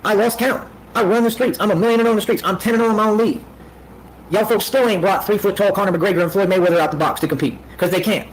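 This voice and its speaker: A man's voice: high-pitched, steady tone, fast talker, poor audio. A man in a combative livestream rant, boastful and full of street slang. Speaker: streamer.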